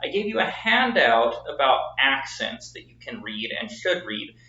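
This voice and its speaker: A man teaching a recorded lesson at a whiteboard, explaining patiently and repeating words slowly with the stress marked. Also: medium pitch, very animated, pushed and bright. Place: classroom with a whiteboard. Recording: echoey room, dull lo-fi sound.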